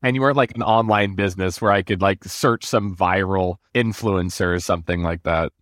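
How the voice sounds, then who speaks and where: Rambling man host, lowish voice. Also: fairly even intonation, fairly quick, a bit bright, no room sound, clean studio sound. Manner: rambling questions full of fillers and restarts. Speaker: podcast host. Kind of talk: casual interview questions.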